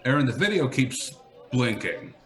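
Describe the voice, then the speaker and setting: A man's voice: mid-range voice, sing-song, normal speed, fairly bright tone, reverberant. A man playing a tabletop game who jokes bluntly and swears. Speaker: player. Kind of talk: casual tabletop play chat.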